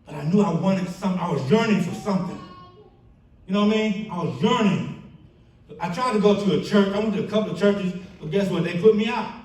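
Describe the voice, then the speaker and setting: Man, keynote testimony speaker, lively storyteller, higher voice, very echoey hall heard from afar. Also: fairly quick, distant mic. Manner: storytelling, acts out quoted friends in animated bursts. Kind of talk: testimony speech at a banquet. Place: church banquet hall.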